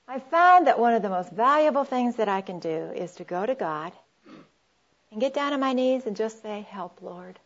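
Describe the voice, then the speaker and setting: A middle-aged woman giving a sermon-style talk on Christian marriage, earnest and warm, calling her audience friends and quoting scripture. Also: on the high side, expressive, moderate pace, highs cut off.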